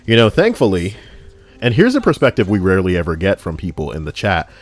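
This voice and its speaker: A man's voice: low voice, wildly swooping pitch, fast talker. A man hosting a podcast in casual chat, full of crude, teasing banter. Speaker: podcast host.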